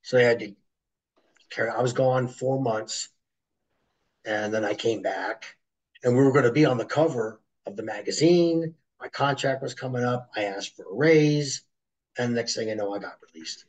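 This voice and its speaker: A middle-aged man, a former wrestler, telling animated stories as an interview guest and acting out other people's voices. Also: medium pitch, normal speed, rough recording. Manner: animated storyteller who acts out voices. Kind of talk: storytelling interview.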